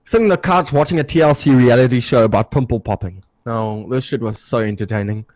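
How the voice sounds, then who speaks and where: A young man co-hosting a podcast, telling stories in a casual, animated way and swearing freely. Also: mid-range voice, fast, dry recording. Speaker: podcast co-host. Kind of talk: casual storytelling.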